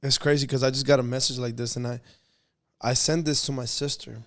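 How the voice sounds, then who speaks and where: A man hosting a podcast, telling stories in casual chat and getting animated as he goes. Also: mid-range voice, a little fast, no room sound, clean studio sound. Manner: animated storytelling, gets excited. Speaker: podcast host.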